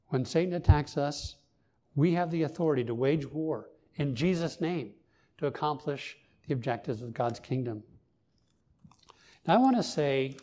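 This male pastor has a mid-range, slightly mellow voice. He preaches his sermon earnestly and emphatically, raising his voice on the key points.

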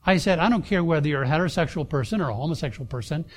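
A middle-aged man, a pastor, telling a personal story in a sermon, halting with many fillers and restarts. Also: on the high side, lively intonation.

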